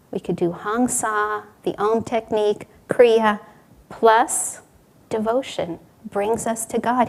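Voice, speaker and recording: A woman giving a spiritual talk, telling parables in a gently rhetorical manner. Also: on the high side. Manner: warm storytelling, gently rhetorical. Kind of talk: sermon.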